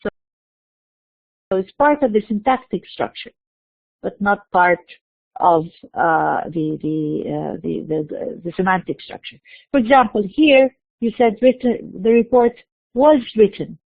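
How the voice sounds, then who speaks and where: Female lecturer, mid-pitched voice, patient explaining with self-posed questions, dry close recording, tinny narrow sound. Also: expressive, measured pace, gravelly, no room sound. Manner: explanatory, repeats words and restarts, asks and answers own questions. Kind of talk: university lecture.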